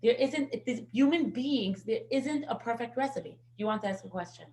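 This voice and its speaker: A middle-aged woman teaching a parenting class, telling lively stories. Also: fairly high pitch, moderate pace. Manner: lively anecdotal storytelling. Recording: echoey room.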